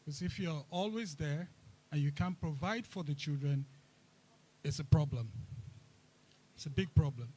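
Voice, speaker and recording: A man answering as a panel guest, measured and calm, giving advice. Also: a little high, husky, poor audio.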